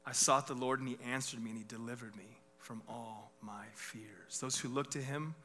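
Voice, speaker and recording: A man preaching a sermon as a guest speaker, swinging from loud declarations to hushed whispers. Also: mid-range voice, steady tone, moderate pace, hardly any pauses, a little hiss or hum.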